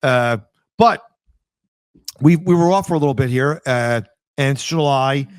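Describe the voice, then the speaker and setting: A man co-hosting a casual chat, telling stories with lively acted-out bits. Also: mid-range voice, unhurried, clean tone, no echo. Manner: animated storyteller, acts out scenes and sound effects. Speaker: podcast co-host.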